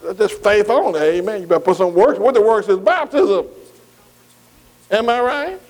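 A man preaches a sermon in a high-pitched voice. His talk is colloquial and folksy. He keeps checking that the congregation agrees with him. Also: lively intonation, normal speed, poor audio. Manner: call-and-response, repeatedly asking the congregation for agreement; folksy, colloquial Southern US grammar.

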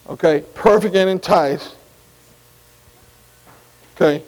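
A man's voice: high voice, slow, long pauses, darkish tone, big-room sound, rough recording. A man teaching a Bible study class. He spells Greek words out letter by letter, keeps saying "see" between phrases and keeps asking the class if they follow.

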